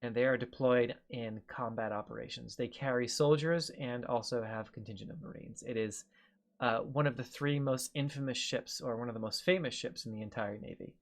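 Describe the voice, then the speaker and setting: Sex: man. Figure: man putting on a proud naval captain. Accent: put-on French. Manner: formal, halting. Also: mid-range voice, fairly even intonation, natural voice. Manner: formal, halting, with many fillers.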